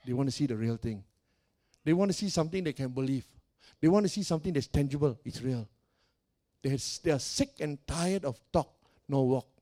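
A man preaching a sermon as pastor of a church, calling out to the congregation and swinging between soft and loud. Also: mid-range voice. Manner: preaching with call-and-response and dramatic swings in volume.

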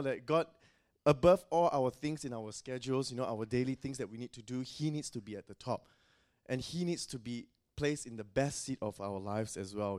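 A man's voice: medium pitch, a little mellow. Conversational man preaching a sermon. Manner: conversational, frequent "you know".

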